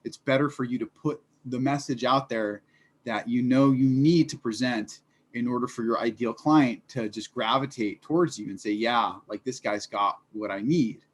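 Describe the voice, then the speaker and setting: A man's voice: mid-range voice, moderate pace. A man speaking as an interview guest, earnest and reflective, leaning on fillers as he explains his ideas. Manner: earnest, reflective, many fillers like "like" and "you know". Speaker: fitness business founder, guest. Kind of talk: casual interview chat.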